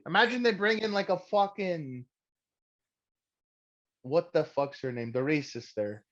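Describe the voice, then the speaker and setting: A man's voice: on the high side, measured pace, fairly bright tone. A young man hosting a podcast in casual chat, loose, profane and joking. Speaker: podcast host. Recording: dull lo-fi sound.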